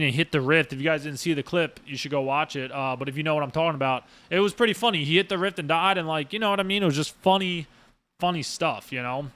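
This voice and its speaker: Streamer host, man, raised pitch, smooth clean tone; casual, profane, rambling delivery. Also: sharp tone, no echo. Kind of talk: casual podcast monologue.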